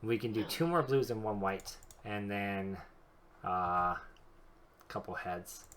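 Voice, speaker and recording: A young man commenting casually on his game, joking and thinking out loud. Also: lowish voice, slow pace, slight background noise. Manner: joking, chatty, thinks aloud. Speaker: streamer.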